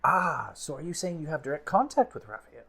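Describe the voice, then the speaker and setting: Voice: mid-range voice, big pitch swings, a little fast, bright, forceful tone, slight background noise. A tabletop game player asking polite, inquisitive questions in character.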